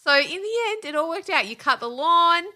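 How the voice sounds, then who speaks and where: A woman's voice: extremely high pitch, lively intonation, a little fast, sharp tone. A woman co-hosting a podcast, telling a home story in casual chat and laughing often. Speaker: podcast co-host.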